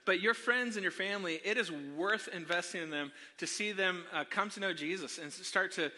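A middle-aged pastor preaches with animated, self-deprecating storytelling, often turning to the crowd. His voice sits high for a man and sounds bright and sharp, with long reverb from a large church hall. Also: brisk. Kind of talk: sermon with personal storytelling.

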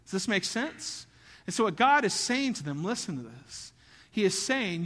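Guy pastor preaching, chatty and animated, bright voice, lots of hall echo. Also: sits high, moderate pace. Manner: animated, conversational preaching with rising emphasis. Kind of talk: sermon.

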